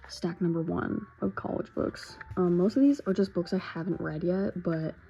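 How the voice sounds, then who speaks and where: A woman's voice: on the low side, moderate pace, gravelly, mellow, muffled recording. A woman in her late teens talking in a casual, tearful vlog, rambling with lots of "like" fillers. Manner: emotional, rambling, many "like" fillers. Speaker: vlogger. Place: bedroom at home.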